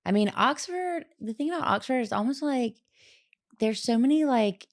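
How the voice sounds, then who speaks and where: A woman's voice: on the high side, normal speed, no room sound, studio quality. A woman with a light Southern accent hosting a casual podcast chat in an easygoing way. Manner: relaxed, easygoing, mumbles when tired. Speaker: podcast host.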